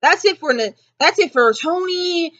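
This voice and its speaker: A woman's voice: extremely high pitch, measured pace, a bit bright, dull audio. A woman vlogger rambling emotionally about a film she just saw, repeating herself often. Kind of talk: casual movie reaction ramble.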